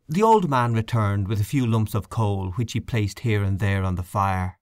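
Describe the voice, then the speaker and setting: A man narrates an audiobook with measured storytelling. His pitch moves in a lively way, and the recording is dry and close with no room sound. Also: no echo. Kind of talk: scripted narration.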